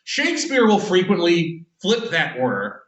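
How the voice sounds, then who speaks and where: Bright-voiced man lecturing in an echoey room. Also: high voice, wildly swooping pitch, measured pace, recorded from a distance, muffled recording. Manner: conversational, many fillers and restarts. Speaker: English teacher. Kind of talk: classroom lecture.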